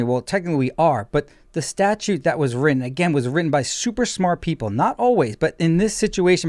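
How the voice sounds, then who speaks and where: A man's voice: fairly high pitch, no echo, clean studio sound. A man hosting a legal commentary show as an attorney, explaining emphatically.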